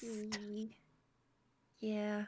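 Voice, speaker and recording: A woman's voice: mid-range voice, completely flat delivery, drawn-out words, dark tone, slight background noise. Laid-back woman at a game table. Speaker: player. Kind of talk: casual tabletop game chat.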